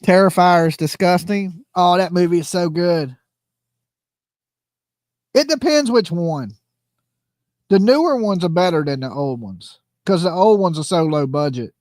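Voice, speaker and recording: A man's voice: sits high, animated, a little slow, long pauses, darkish tone, no room sound, clean studio sound. A man hosting a casual livestream, joking, rambling and laughing often. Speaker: livestream host commenting on a trial.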